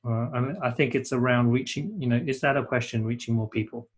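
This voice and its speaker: A man co-hosting a live webinar, thinking aloud in a casual, animated way, with many restarts, and reading out audience comments. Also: medium pitch, brisk, husky.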